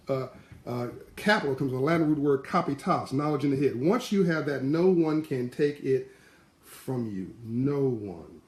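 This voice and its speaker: A man giving a live-streamed motivational talk in passionate, animated storytelling. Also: medium pitch, echoey room. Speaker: motivational speaker.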